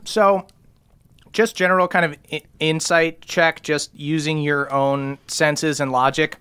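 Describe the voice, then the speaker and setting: A man's voice: on the high side, fairly even intonation, a little slow, a bit bright, clean tone. A man narrating a tabletop game as game master, loose and full of fillers.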